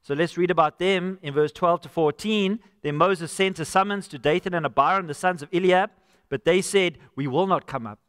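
A man's voice: sits high, moderate pace, fairly bright tone, clean tone, clean studio sound. A man preaching a live sermon as pastor, earnest and conversational, often addressing listeners as friend. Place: church sanctuary. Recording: church hall with long reverb.

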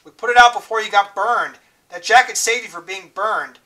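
A calm, kindly grown man speaks softly and steadily to a hurt boy in a storybook scene, as a man reading aloud puts him on. The tone is gentle yet bright. The voice comes from a little away from the mic. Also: sits high, normal speed, recorded from a distance, rough recording. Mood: reassuring. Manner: soft, reassuring.

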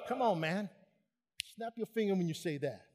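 Older male preacher, fervent and high-voiced, long hall reverb. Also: animated, normal speed, background noise. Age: 60s. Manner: fervent, calls to the crowd. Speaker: conference keynote speaker. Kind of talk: preaching sermon.

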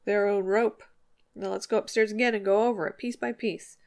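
A woman's voice: medium pitch, fairly even intonation, a little fast, a little mellow, natural voice. Woman reading as a patronizing county attorney. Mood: condescending.

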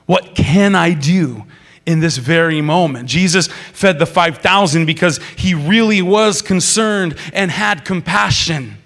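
A man preaches a sermon in a large church, his somewhat high voice trailing into a long reverb. He is animated, jumping from loud exclamations down to hushed whispers. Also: measured pace. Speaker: pastor.

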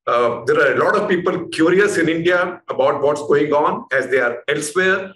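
A man hosting an interview, with a voice a little higher than most men's. He introduces his guest and asks long, winding questions full of fillers, recorded in an echoey room with a faint hiss behind him. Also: normal speed, fairly bright tone. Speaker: interview host.

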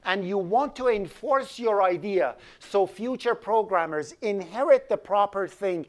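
A middle-aged man who grew up speaking Azerbaijani, teaching a college programming class in a lively, joking way and putting questions to the students. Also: sits high, measured pace. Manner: lively, asks the class questions, jokes around. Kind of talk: live classroom lecture.

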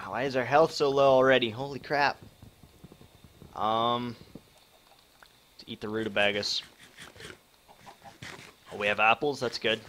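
Excitable swearing young man streaming a game. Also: lowish voice, slight background noise. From Wisconsin. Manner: excitable, swears a lot, talks to chat. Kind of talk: live gameplay commentary.

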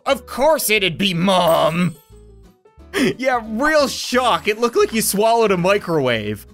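A man's voice: high voice, sing-song, slow pace, a bit bright, soft background music. A man giving crude, joking commentary while playing video games. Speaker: gaming YouTuber. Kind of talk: comedic gameplay commentary.

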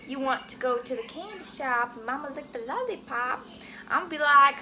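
High-voiced chatty woman cooking vlogger. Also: fairly quick, slight background noise, poor audio. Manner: animated, swears freely, talks to viewers with lots of "okay?". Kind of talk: casual chatty cooking vlog.

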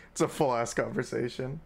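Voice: mid-range voice, moderate pace, vocal fry, slightly rough. A game streamer giving casual, wry gameplay commentary, joking and swearing freely.

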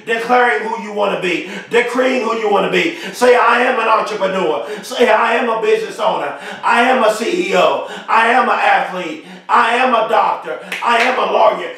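A man giving a motivational speech, shouting short repeated affirmations with strong emphasis. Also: high-pitched. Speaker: motivational speaker. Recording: very echoey, far from the mic.

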